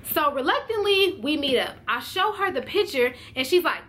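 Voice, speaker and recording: High, bright-voiced woman vlogger. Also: moderate pace. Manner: animated, slangy, talks to viewers directly. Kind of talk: storytime vlog.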